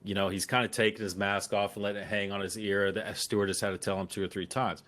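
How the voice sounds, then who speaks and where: A man co-hosting a casual podcast, telling a profane anecdote with lively acted-out quotes. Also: fairly low pitch, fast talker. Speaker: occasional co-host.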